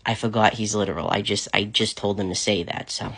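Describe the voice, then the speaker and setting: A woman recovering from covid, telling a funny story about her son in a casual, animated way, often breaking into laughter. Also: extremely low pitch, fairly quick, slightly rough. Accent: American. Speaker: vlogger.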